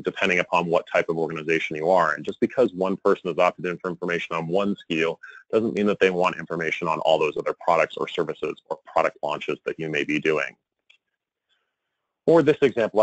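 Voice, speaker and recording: A man giving a conversational presentation, often checking in with a quick "right?" and rising sharply when he quotes examples. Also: low voice, dry recording, rough recording. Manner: conversational, frequent tag "right?". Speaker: conference speaker on email marketing. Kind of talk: presentation talk.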